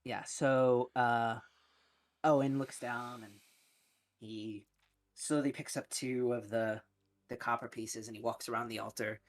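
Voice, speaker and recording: A man narrating as game master of a tabletop game, often pausing with ums, with faint music behind. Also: mid-range voice, level tone. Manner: hesitant, many ums.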